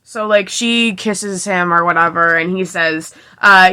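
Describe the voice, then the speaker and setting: A woman's voice: lowish voice, unhurried, few pauses, sharp tone, clear, resonant tone. A young woman in her twenties giving a casual, sarcastic book recap, reading passages aloud between giggly asides. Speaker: book reviewer.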